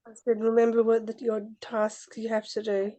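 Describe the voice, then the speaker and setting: A woman talking to her coach over a video call. Her voice stays flat, with little rise and fall. She hesitates and fills her speech with "like" and "um". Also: a little high, moderate pace. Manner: hesitant, full of fillers like "like" and "um". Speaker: client parent.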